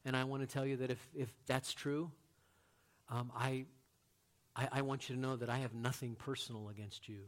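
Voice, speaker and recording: A man preaching a sermon as a pastor, earnest, moving from loud emphatic lines to quiet, hushed ones. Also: medium pitch, steady tone, normal speed.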